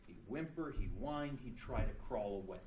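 Man teacher, lively lecture delivery with playful asides, recorded from across a reverberant room. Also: medium pitch, normal speed, dull audio, a little hiss or hum. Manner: lively, joking, animated storytelling. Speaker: psychology teacher. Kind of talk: classroom lecture. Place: classroom. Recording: echoey classroom from far off.

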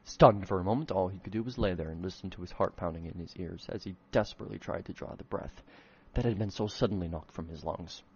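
A man's voice: deep voice, fast, slightly rough, muffled recording. A man reading his own old fan fiction aloud in a comedic dramatic reading, breaking off for self-mocking, swearing asides.

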